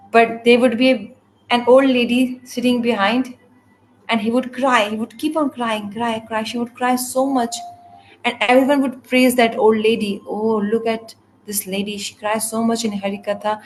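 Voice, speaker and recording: A woman translates a devotional scripture class in a somewhat high voice. She speaks in halting, broken phrases and often restarts or repeats her words. Faint ambient noise sits behind her. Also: low-quality recording. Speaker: interpreter of a spiritual class.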